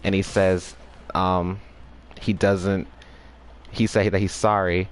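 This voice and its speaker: A man's voice: low-pitched, flat delivery, slow, slight background noise. A man casually recapping a story, rambling with restarts and acting out the characters' lines.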